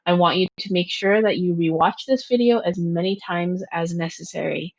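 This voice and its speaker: Slow, clear woman teacher, muffled sound. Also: on the low side, dry recording. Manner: slow, clear teacher delivery, pausing between words and translations. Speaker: Japanese teacher. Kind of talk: recorded vocabulary review lesson.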